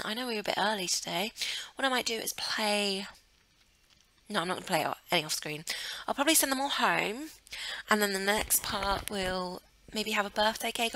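A woman's voice: mid-range voice, pushed and bright, poor audio. A woman chatting casually over a life-simulation game, cooing affectionately at her characters. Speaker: gaming channel host. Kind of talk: casual gameplay commentary.

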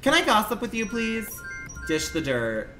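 A man's voice: high voice, wildly swooping pitch, moderate pace, music in the background. A young man livestreaming a game, rambling in a campy, dramatic, profane way at home. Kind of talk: casual game commentary.

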